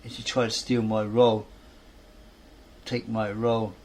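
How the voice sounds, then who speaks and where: A man's voice: lowish voice, little pitch movement, unhurried, darkish tone. A man reading a fan story aloud, rambling and correcting himself as he goes.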